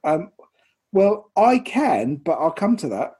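An English man co-hosts a casual podcast and reads listener messages aloud slowly and deliberately. His voice sits a little high and sounds mellow. It has a husky edge. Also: big pitch swings. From England. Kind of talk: casual chat.

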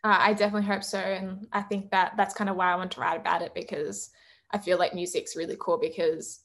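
A young woman who sings in a band, chatting casually in an interview and filling her talk with "like" and quick laughs. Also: on the low side, little pitch movement. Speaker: singer in a band, interview guest.

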